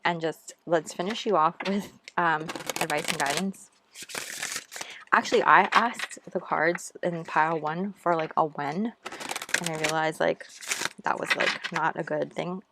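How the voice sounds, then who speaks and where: A woman's voice: deep voice, measured pace, vocal fry, noisy background. A woman giving a pick-a-card tarot reading to her viewers, gushing and encouraging and calling them "you guys.". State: out of breath. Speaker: tarot reader. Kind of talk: casual tarot reading to camera.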